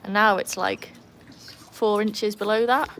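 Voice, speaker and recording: A woman chatting casually on a livestream from beside a backyard pool, breaking into a high sing-song voice to praise her dog. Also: steady tone, a little slow, a bit bright, slight background noise. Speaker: livestream host and dog owner. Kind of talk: casual live chat. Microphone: phone.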